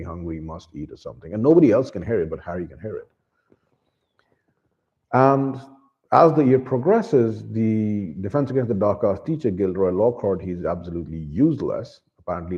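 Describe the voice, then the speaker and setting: A man casually retelling a book's plot in a rambling way, with many restarts and fillers. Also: fairly low pitch. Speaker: book reviewer. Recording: dull lo-fi recording.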